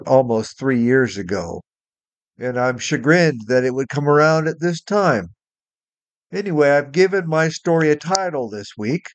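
A man's voice: a little high, no room sound. A man reading his short story aloud in a plain, matter-of-fact way for a weekly flash fiction podcast.

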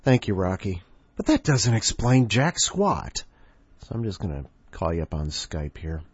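A man hosts a podcast in casual, rambling chat, cracking jokes as he goes. His voice is low and husky, and he speaks slowly. The recording is dry and dull, with a lo-fi sound. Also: lively intonation, no echo. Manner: joking, rambling. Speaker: podcast host.

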